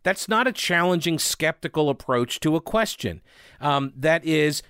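A man's voice: fairly high pitch, lively intonation, a little slow, fairly bright tone, clear, resonant tone, dry recording, clean studio sound. A man giving sarcastic, conversational political commentary, reading news headlines aloud between his remarks.

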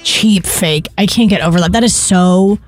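A woman's voice: lowish voice, normal speed, faint music behind. Scornful female radio co-host. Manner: curt, scornful interjections. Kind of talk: radio banter.

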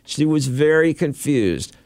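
Lively male radio host. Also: fairly high pitch, unhurried, no echo, clean studio sound. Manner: lively storytelling, animated. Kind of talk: casual morning radio banter.

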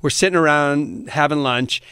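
A man chatting as a podcast guest, telling animated stories with frequent laughs and stammered restarts. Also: fairly high pitch, moderate pace, smooth, no room sound, studio quality. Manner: animated, laughs often, repeats words when starting. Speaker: podcast guest, Broadway actor. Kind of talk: casual storytelling chat.

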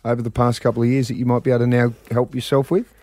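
A man's voice: mid-range voice, level tone, racing, warm tone, no room sound. A man hosting a radio show, encouraging and upbeat as he chats with a prize winner. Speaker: radio host.

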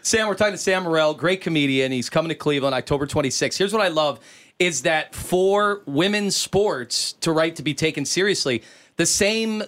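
A man's voice: a little high, animated, normal speed, a bit bright. A man co-hosting a radio podcast, chatty and steering the talk with questions. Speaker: podcast co-host. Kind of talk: casual radio podcast chat.

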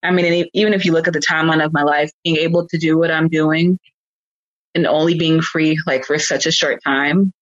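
A woman's voice: deep voice, fairly even intonation, a little fast, no echo, muffled recording. A woman talking earnestly and from the heart as a guest in a casual conversation. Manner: earnest, heartfelt, laughs easily. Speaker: guest, praise dancer.

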